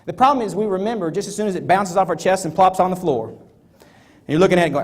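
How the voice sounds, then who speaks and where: A man's voice: sits high, fast. A man giving a motivational talk on stage before a live audience, acting out little scenes as he goes. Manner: animated, acts out little scenes. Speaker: motivational speaker.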